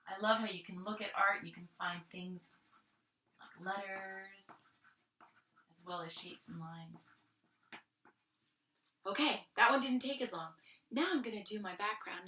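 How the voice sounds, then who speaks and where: A woman leads a gentle art lesson, praising small details and coaxing young students along as she works. Her voice is bright and clear. It is heard from a little way off the mic, in a roomy, echoing space. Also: mid-range voice, distant mic. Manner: gentle, encouraging, thinks aloud while drawing. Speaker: art teacher. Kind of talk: friendly step-by-step art lesson.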